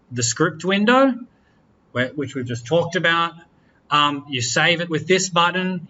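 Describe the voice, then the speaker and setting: A man talks through software for a lecture room, easygoing and a little rambling, often stopping to fix himself. His voice sits fairly high and bright, with a slightly dull, lo-fi recording and a faint hum of room noise behind him. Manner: relaxed, chatty, self-correcting, jokes with students. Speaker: university lecturer. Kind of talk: classroom software walkthrough.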